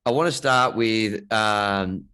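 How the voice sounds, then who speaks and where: An Australian man talks in an easygoing, chatty way on a casual podcast. His voice sits fairly low, and he laughs readily along with his co-host. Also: slow pace, pushed and bright, smooth. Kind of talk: casual chat.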